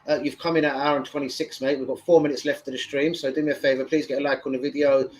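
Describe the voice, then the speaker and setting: A man's voice: mid-range voice, little pitch movement, rapid-fire, slight background noise. Male streamer, casual and profane, mid-range voice. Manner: chatty, sweary, rambling. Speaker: football fan live streamer. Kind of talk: casual live stream chat.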